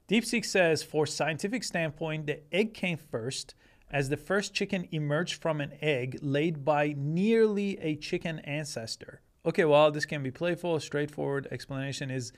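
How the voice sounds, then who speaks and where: Man casually walking through results. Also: a little high. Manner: conversational, reads results aloud while thinking. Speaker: tech reviewer. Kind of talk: screen-recorded product comparison.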